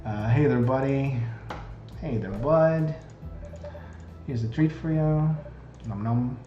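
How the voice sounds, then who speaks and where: A man's voice: mid-range voice, slow pace. A man streaming a game in a casual, jokey way, reading the on-screen dialogue aloud. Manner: chatty, jokey, reads game text aloud. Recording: roomy, dull sound with game music. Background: faint game music.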